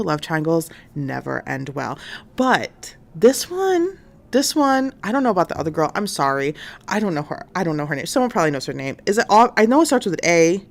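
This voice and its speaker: A woman's voice: sits low, vocal fry. A woman hosting a livestream, retelling a crime story in casual chat, full of fillers and acted-out quotes. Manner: chatty, many fillers, acts out quotes. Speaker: stream host. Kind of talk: casual true-crime recap.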